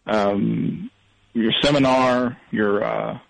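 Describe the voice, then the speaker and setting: A man's voice: on the low side, drawn-out words, gravelly, no echo, low-quality recording. A man from Alabama calling into a comedic radio show, polite and hesitant with a dry sense of humor. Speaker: caller. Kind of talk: call-in radio chat.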